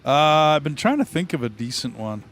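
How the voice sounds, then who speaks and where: A man's voice: mid-range voice, sing-song, brisk, husky. Tired, laid-back man chatting over game. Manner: laid-back, musing aloud. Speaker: gaming channel host. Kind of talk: casual gaming chat.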